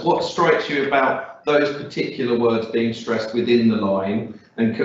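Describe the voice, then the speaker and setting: A male English teacher leads a classroom lesson, encouraging and questioning his students with lots of filler words. His voice is medium-pitched. The recording is muffled and echoey, made far from the mic, with a little hiss or hum.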